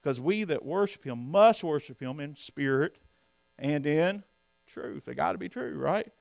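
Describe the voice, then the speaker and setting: A man's voice: on the high side, expressive, measured pace, creaky, darkish tone, no room sound. A man preaching from the pulpit, folksy and emphatic, often asking the congregation questions. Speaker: pastor. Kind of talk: sermon.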